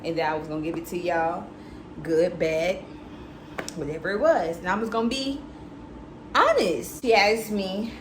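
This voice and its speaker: Here a young vlogger tells a chatty, unfiltered story to her audience, swearing as she goes in casual storytime fashion. Her low-leaning voice runs at normal speed with frequent pauses, in an echoey room with background noise.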